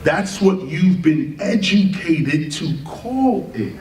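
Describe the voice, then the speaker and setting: Man lecturer, high lively delivery, unhurried, emphatic rhetorical questions; captured from a distance in an echoey hall. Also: background noise. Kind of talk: animated lecture to an audience. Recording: roomy, distant live lecture recording with faint ambience.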